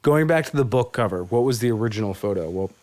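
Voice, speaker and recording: A man co-hosting a casual interview chat, upbeat and quick to laugh as he asks questions. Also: lowish voice, expressive, a little mellow. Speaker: podcast co-host.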